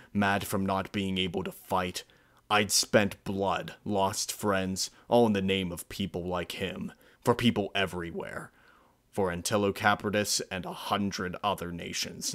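A man narrating a dark fan-fiction story in a measured, grave storytelling manner. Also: low-pitched. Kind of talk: dramatic fan-fiction reading.

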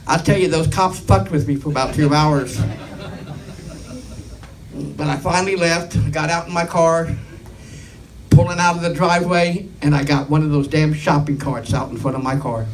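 A middle-aged man doing a stand-up comedy set, rambling and deadpan with filler asides. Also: fairly high pitch, normal speed, recorded from a distance, a little hiss or hum, poor audio.

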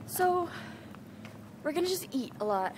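A bubbly woman vlogging on a handheld camera outdoors, with a high, lively voice that swoops up and down. Traffic noise from the street comes through clearly behind her. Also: unhurried. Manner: bubbly, playful, exclaims often. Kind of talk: casual vlog chat. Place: outdoors on a busy downtown street.

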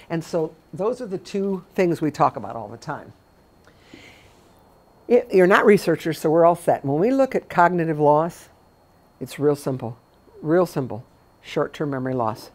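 A low-pitched middle-aged woman speaking to a room of caregivers. She is a memory care consultant who tells stories in a chatty, informal way and leans on emphatic repetitions.

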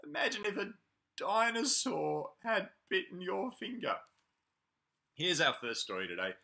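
Lively, sing-song man reading to toddlers. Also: high-pitched, vocal fry. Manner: animated, sing-song, drawn-out words. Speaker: preschool playgroup leader. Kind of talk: reading a picture book to toddlers.

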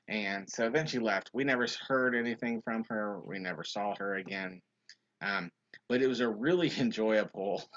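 A young man, a youth minister, telling a funny story in a casual livestream chat and reading viewer comments. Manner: animated storyteller, high-pitched quoted voices. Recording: dull lo-fi livestream audio.

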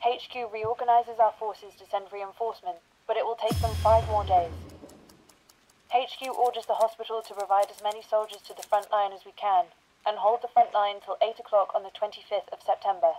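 An actress playing a military dispatcher in a war game, reading orders in a formal way. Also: female voice, mid-range voice, steady tone, brisk, a little mellow, lightly acted, rough recording. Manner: formal, reporting. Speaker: dispatch reader. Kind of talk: game voice acting.

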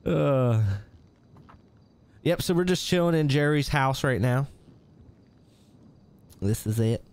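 A man's voice: mid-range voice, lively intonation, slow pace, darkish tone, smooth. A man hosting a live stream, reading out viewer names and chatting casually with frequent chuckles. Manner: reads viewer names aloud, chuckles often. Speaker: livestream host.

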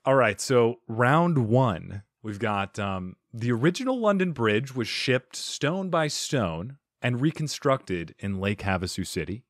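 A man hosts a casual podcast chat, his pitch swinging widely as he jokes and quizzes his guest. He laughs often and keeps the tone playful. The sound is close and dry, with no room echo. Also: measured pace, few pauses. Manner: animated, laughs often, playful quiz-giving. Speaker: podcast host.

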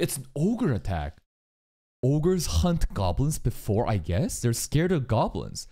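A man's voice: medium pitch, unhurried. Young guy reacting to anime, hyped and swearing, voice jumps all over, faint music under it. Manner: excitable, swears a lot, talks to the screen. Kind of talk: casual reaction commentary.

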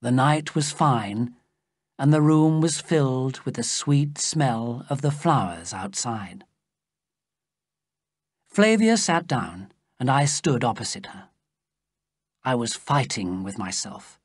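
A storyteller reads a classic adventure novel aloud for English learners, in an unhurried, expressive way. The voice has a husky edge, with a lively, animated melody. The sound is dry and close to the mic. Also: medium pitch, no echo. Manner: slow, lively storybook reading. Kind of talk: graded reader narration for English learners.

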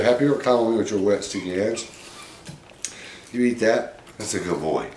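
A man's voice: lowish voice, animated, moderate pace, pauses often, darkish tone, roomy sound, slight background noise. A man, host of a pet channel, chatting casually and encouragingly to his pet monkey. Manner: coaxing, encouraging talk to an animal.

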